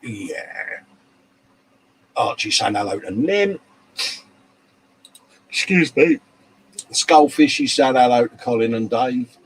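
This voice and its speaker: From his hobby workshop bench, a man hosts a casual live show and reads viewer comments in a matey way, calling folks mate and love; he's tired from not sleeping enough. His husky, medium-pitched voice has lively intonation, a slow pace and long pauses. The audio is low quality.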